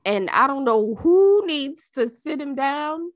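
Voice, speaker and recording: A woman's voice: high-pitched, lively intonation, takes it slowly, no echo, highs cut off. A woman co-hosting a podcast in casual chat, ranting with a lot of profanity, her voice jumping way up when she gets worked up. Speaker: podcast co-host.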